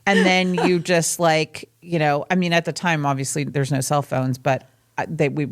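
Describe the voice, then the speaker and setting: A woman co-hosting a podcast, talking casually and haltingly with many fillers. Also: low voice, little pitch movement, no room sound, studio quality. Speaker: podcast co-host. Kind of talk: casual conversation.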